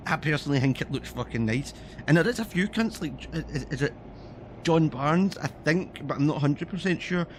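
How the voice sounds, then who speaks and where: A man's voice: on the high side, expressive, moderate pace, slight background noise. Sweary Scottish man ranting. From Scotland. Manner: heated, sweary, exasperated. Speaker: streamer. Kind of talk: casual ranting commentary while playing.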